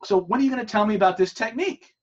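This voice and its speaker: A man voicing a puzzled, impatient young girlfriend with a high, exclaiming voice. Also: very fast. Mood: incredulous. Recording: dull lo-fi sound.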